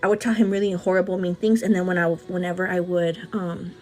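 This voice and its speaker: A woman's voice: lowish voice, level tone, a little mellow. Chatty woman calling everyone girl. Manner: chatty, says "girl" often, quick asides. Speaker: vlogger answering live chat. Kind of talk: casual chat while doing makeup.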